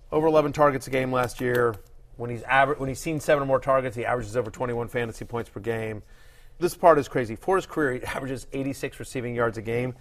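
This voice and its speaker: A man co-hosting a sports podcast, chatting casually in a jokey, rambling way from a studio. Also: medium pitch. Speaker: podcast co-host.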